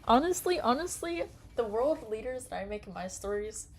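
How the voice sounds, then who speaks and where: A woman's voice: fairly high pitch, expressive, normal speed, a little hiss or hum. A woman streamer giving casual, chatty commentary while playing a story game, often giggling and trailing off mid-sentence.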